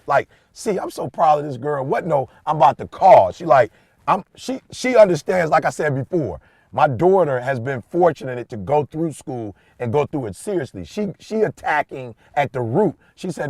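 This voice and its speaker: A man in his forties, a podcast host, telling a story in a casual chat, animated and swinging between hushed asides and loud bursts. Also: fairly high pitch, normal speed, vocal fry, dry recording, studio quality.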